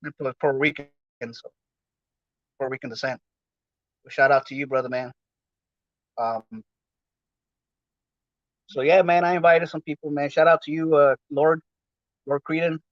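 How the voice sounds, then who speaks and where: A man from Los Angeles hosts his podcast in a loose, rambling style, tossing out slang and fillers as he talks. His voice sits a little on the high side for a man. The sound is dry and dull, like a lo-fi recording. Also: fairly even intonation, normal speed, pauses often, dry recording. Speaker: podcast host. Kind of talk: casual livestream chat.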